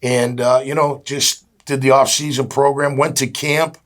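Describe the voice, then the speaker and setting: Interview guest, man in his 50s from florida, mid-pitched, chatty storyteller who acts out what people said. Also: flat delivery, moderate pace. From Jacksonville, Florida. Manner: chatty, acts out quoted dialogue, many "you know" fillers. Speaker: guest, former pro football player.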